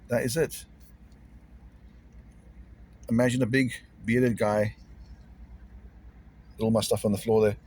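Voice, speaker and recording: A man's voice: medium pitch, a little hiss or hum. A man vlogging casually to camera, rambling and repeating himself in an uneasy way.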